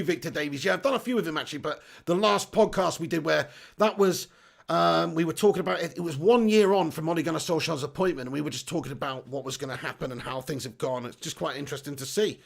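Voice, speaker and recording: Chatty lad with gravelly high voice. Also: male voice. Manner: chatty, laughs often, swears casually, says mate a lot. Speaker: football channel host reading live chat. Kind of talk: casual live-stream chat.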